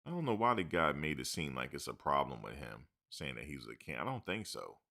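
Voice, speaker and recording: A man's voice: extremely low pitch, big pitch swings, brisk, vocal fry, bright, forceful tone. A man hosting a sports talk show, rambling casually with slang and joking asides.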